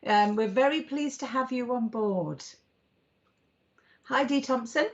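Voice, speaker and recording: A woman's voice: a little high, measured pace. A British woman co-hosting a live psychic stream, bubbly and affectionate, greeting viewers with endearments. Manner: bubbly, affectionate, calls people darling. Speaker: psychic co-host. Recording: dull lo-fi stream audio.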